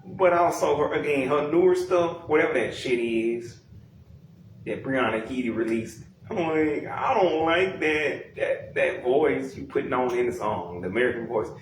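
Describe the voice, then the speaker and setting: A man's voice: medium pitch, normal speed. A young man giving a blunt, profane, rambling rant about a music album, exasperated and casual. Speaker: music commentator. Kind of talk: casual ranting commentary. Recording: very echoey room, distant from mic, faint noise.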